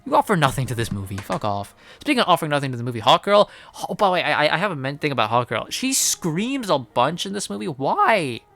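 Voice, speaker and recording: A man giving a casual spoken movie review, rambling and swearing freely, with animated outbursts. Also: on the high side, fast, hardly any pauses, faint music behind. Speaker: film reviewer.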